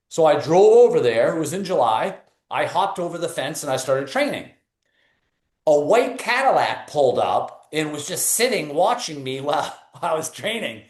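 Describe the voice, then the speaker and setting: A man's voice: fairly high pitch, normal speed, echoey room. A man in his thirties with a New England accent, a performance coach giving a motivational talk full of stories and casual fillers. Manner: energetic storytelling, casual fillers.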